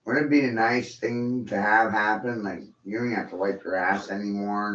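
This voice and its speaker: A man's voice: on the low side, fairly even intonation, normal speed, fairly bright tone. A man in his forties delivering a crude, profane, rambling monologue in a mocking tone. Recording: echoey room, dull lo-fi sound.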